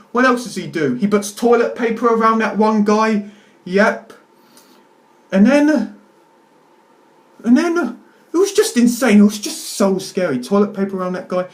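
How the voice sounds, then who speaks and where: A young man rambling through a casual film review to camera at home, stammering and exaggerating for laughs. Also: high-pitched. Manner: rambling, self-interrupting, jokey exaggeration. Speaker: video reviewer.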